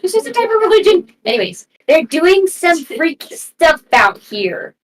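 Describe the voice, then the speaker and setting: A woman's voice: extremely high pitch, sing-song, moderate pace, far from the mic, poor audio. A woman playing a tabletop game who laughs often as she talks. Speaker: player. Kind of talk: tabletop role-play chat.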